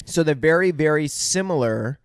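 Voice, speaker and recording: A man's voice: fairly high pitch, expressive, normal speed, clear, resonant tone, no room sound, clean studio sound. A man co-hosting a casual movie review podcast, rambling and restarting his sentences. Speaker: podcast co-host.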